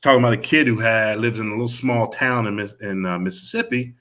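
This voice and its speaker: A man's voice: lowish voice, fairly even intonation, quick pace, fairly bright tone. A middle-aged man, a music manager, talking in a casual interview and rambling with many restarts and fillers. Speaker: music manager and producer guest.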